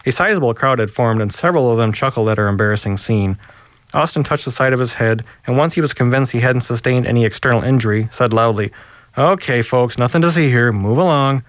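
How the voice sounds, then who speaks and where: A man, an author, reading his own novel aloud with wry, deadpan narration. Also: mid-range voice, fast, no echo.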